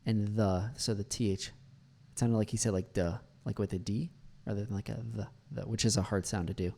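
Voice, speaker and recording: A man with a dark, gravelly voice gives pronunciation feedback as an English teacher. He talks in a relaxed, filler-heavy way and slows down to demonstrate words. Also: lowish voice. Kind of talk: pronunciation commentary over a video.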